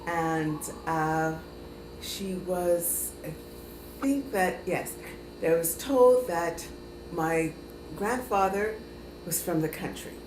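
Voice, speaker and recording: A woman being interviewed, telling a family story in a measured way. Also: on the low side, a little mellow. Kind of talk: recounting family history. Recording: echoey room with noise.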